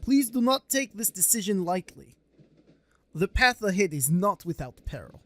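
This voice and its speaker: A man's voice: high voice, big pitch swings, fairly bright tone, dry recording. A man voicing a solemn middle-aged male psychiatrist with a put-on German accent that slips toward Russian. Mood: grave. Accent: put-on German, drifting toward Russian. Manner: slow, earnest, formal warnings.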